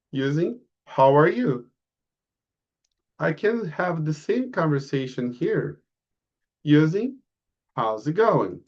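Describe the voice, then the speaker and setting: A man teaching an introductory class, drawing out model phrases slowly for students to repeat, on slightly muffled audio. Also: fairly high pitch, a little mellow. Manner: slow, drawn-out model phrases for repetition. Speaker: English teacher. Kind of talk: online English lesson.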